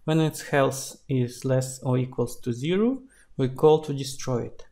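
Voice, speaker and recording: A man with a voice of average pitch walks through his game project in a tutorial voice-over. He explains each step in a relaxed, steady way. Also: a little slow. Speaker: indie game developer. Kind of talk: screen-recorded tutorial narration.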